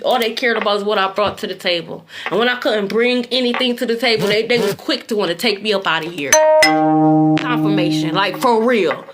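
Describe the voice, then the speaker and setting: Brash, high-voiced tarot reader woman. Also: slight background noise. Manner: blunt, profane, animated. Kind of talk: casual tarot reading livestream.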